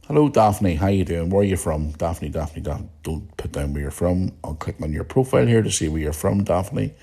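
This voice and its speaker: An Irish man with a low, dark voice chats casually as a podcast host. He speaks bluntly, swears freely and chuckles often as he reads out listener messages. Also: animated, a little fast, creaky, few pauses, breathy edge.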